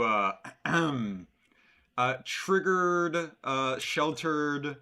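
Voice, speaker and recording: A man's voice: mid-range voice, animated, measured pace, bright, forceful tone. A man streaming live, reacting to a clip with sarcastic, rambling commentary full of fillers.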